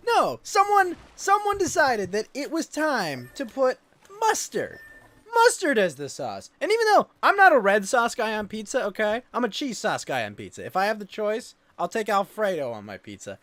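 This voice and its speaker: A man's voice: sits high, wildly swooping pitch, moderate pace, a bit bright. A man, ranting and swearing during a casual livestream chat while gaming. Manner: ranting, exasperated, swears freely. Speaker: streamer.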